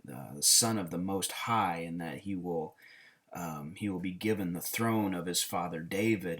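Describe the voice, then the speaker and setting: A man teaching a Greek lesson in a casual, halting way, with many fillers and restarts. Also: sits low, fairly bright tone.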